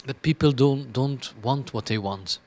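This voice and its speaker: A creative director answers interview questions candidly and bluntly, rambling chaotically with frequent restarts, laughs, and self-deprecating asides. His voice is mid-range, unhurried, and a little mellow.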